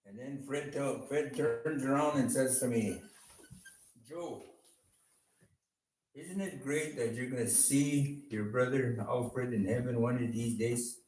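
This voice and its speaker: Slow-speaking man telling his testimony. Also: medium pitch, a little mellow. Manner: slow, heartfelt storytelling with acted dialogue. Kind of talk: sermon testimony. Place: church hall. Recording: echoey church room, distant mic.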